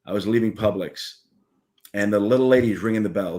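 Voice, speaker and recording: A man speaking as a guest in an interview, telling a personal story in a reflective way and dropping to a soft, quiet voice at times. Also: fairly low pitch, a little fast. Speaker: guest, business founder.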